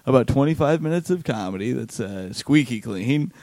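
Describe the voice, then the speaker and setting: A man's voice: mid-range voice, animated, moderate pace, a little mellow, no room sound. A man chatting casually as a comedian and podcast host, laid-back and tired, laughing often and swearing. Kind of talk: casual chat.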